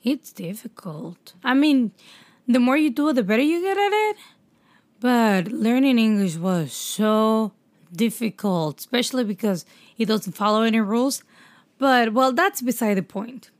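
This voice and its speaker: A woman co-hosting a casual TV review chat, chatty and quick with agreeing murmurs. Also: fairly high pitch, no room sound. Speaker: podcast co-host reviewing a TV episode.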